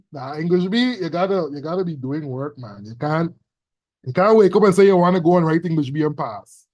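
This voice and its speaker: A man teaching a casual exam revision class, teasing students with loud bursts. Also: on the high side, expressive, moderate pace, dry recording, dull audio.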